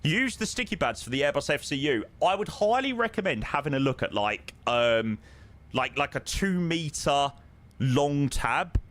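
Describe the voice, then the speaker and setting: Lively, chatty man streaming. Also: a little high, moderate pace. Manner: chatty, answers viewers with lots of ums and "mate". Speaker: live streamer flying a flight simulator. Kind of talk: casual live-stream chat.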